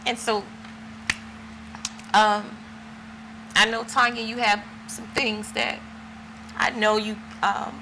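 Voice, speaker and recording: An earnest woman hosts a talk show, pressing her points and checking for agreement. Her voice is bright and clear in tone. A faint noise sits in the background. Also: on the high side, level tone, takes it slowly, pauses often, poor audio. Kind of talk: impassioned discussion.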